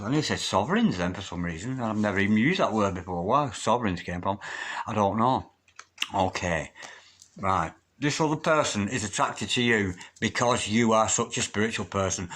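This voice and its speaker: A man's voice: fairly low pitch, a bit bright, slight background noise. A man giving a solo tarot reading, effusive and emotional, often repeating chanted invocations. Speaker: tarot reader.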